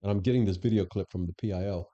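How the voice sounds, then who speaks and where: Deep, dark-voiced man telling stories. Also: rapid-fire, muffled recording. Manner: animated storyteller who acts out quoted dialogue, frequent restarts. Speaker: former police chief, podcast guest. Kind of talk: casual interview storytelling.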